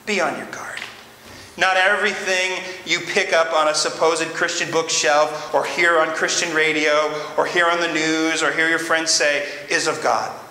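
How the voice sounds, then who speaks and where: A male pastor preaches an earnest, emphatic sermon, hammering home short repeated phrases. His voice sits high and sounds bright and forceful. It rings out with a long reverb in a roomy church, over a faint hiss. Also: fairly even intonation, normal speed. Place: church sanctuary.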